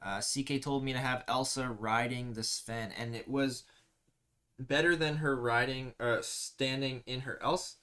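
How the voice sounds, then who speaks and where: A man's voice: mid-range voice, steady tone, unhurried, pushed and bright. A man hosting a casual live stream, chatting easily and reading viewer comments aloud with frequent laughs. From Canada.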